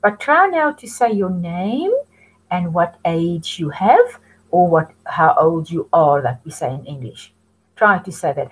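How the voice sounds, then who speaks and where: A woman's voice: on the low side, lively intonation, slightly rough, poor audio. A woman teaching French to young children, patiently modelling phrases for them to repeat. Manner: slow, patient, sing-song prompting for repetition. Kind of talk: children's language lesson.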